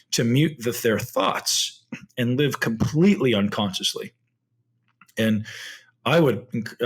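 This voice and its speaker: Husky, low-voiced man musing aloud. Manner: reflective, asks rhetorical tag questions. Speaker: podcast host. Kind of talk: solo podcast monologue.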